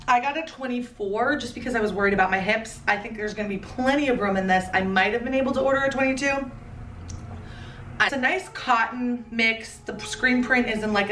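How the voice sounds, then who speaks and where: A woman in her thirties giving a chatty, playful fashion haul commentary with quick asides. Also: fairly high pitch, a bit bright, reverberant, far from the mic, a little hiss or hum. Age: 30s. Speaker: fashion vlogger.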